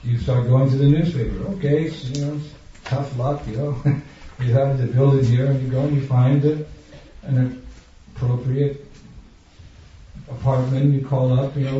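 His medium-pitched, mellow voice holds a steady tone and moderate pace, with a little hiss or hum. This spiritual teacher preaches emphatically and questioningly to an audience in a large room, playing out everyday scenes in varied voices. Recorded far from the mic, the hall sounds dull and echoey.

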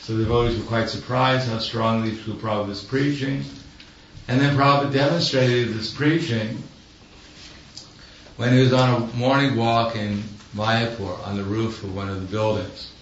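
A man's voice: mid-range voice, steady tone, normal speed. A man delivers a sermon through stories, dry and wry, now and then chuckling at his own jokes. His voice sits in an ordinary middle register. He is heard from a distance in a strongly echoing hall, the sound dull and faintly noisy. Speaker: preacher. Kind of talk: storytelling sermon.

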